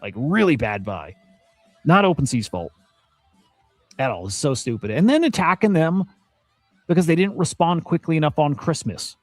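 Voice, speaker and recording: A man's voice: fairly high pitch, expressive, normal speed, pauses often, dry recording, soft background music. A man streaming crypto news commentary. He rants bluntly and swears often, repeats himself, and sounds exasperated. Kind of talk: casual ranting commentary.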